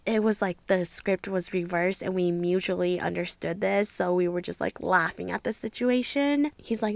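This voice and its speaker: A young woman telling a dramatic dating story in a casual vlog, animated, swinging between hushed whispers and loud exclamations, swearing and laughing at herself. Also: mid-range voice, moderate pace, gravelly, hardly any pauses, no echo. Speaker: vlogger.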